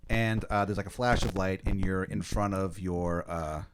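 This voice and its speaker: A man's voice: sits low, steady tone, moderate pace, a crowd in the background. A man hosting a comedy podcast, casually narrating an improvised scenario in second person with lots of fillers and swearing.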